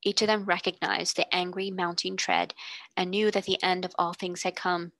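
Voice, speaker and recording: Woman reading a storybook, gravelly bright voice. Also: fairly low pitch, flat delivery, moderate pace, no room sound. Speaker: tutor reading aloud.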